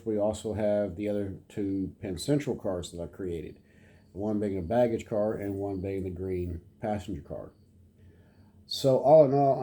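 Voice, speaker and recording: A man in a relaxed, rambling home vlog, showing off a model train car and talking to his dog now and then. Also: on the low side. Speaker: model train hobbyist vlogger. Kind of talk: casual show-and-tell vlog.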